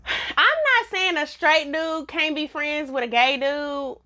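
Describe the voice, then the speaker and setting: Blunt, animated woman reviewing a show. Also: high-pitched, slow pace. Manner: blunt, animated, laughs often. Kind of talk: casual review vlog.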